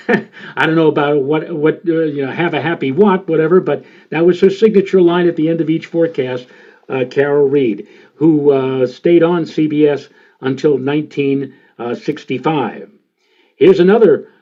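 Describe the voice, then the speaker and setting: A man in his sixties from the New York area tells weather stories in a presentation. His voice sits a little high, and he rambles along with frequent filler sounds. The recording is dull and lo-fi. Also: mellow. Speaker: meteorologist giving a presentation. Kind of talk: storytelling presentation.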